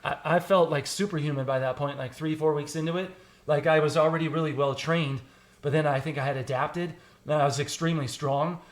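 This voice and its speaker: A man, a podcast guest, telling stories in an animated, casual way. He often repeats and restarts words. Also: on the high side, brisk. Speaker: podcast guest, former firefighter recruit. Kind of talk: casual interview storytelling.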